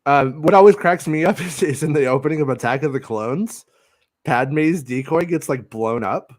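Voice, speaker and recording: Man, podcast host, animated banter, swears casually, dry close mic. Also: fairly high pitch, normal speed, no room sound. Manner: animated, swears casually, reads news items.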